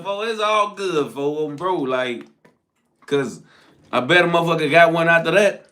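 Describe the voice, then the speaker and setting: A young man recounts a story in loose street slang, keeping up a running address to his listeners. His voice sits high for a man and comes out bright and sharp. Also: measured pace. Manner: animated slang-heavy recounting, frequent "folks" tags. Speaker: storyteller host.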